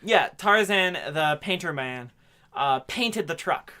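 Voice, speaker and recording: Young male podcast co-host, bright tone, playful, retells scenes in mock voices. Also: high-pitched, expressive, slow pace. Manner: joking, acts out quoted lines in mock voices. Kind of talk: casual chat recapping a movie.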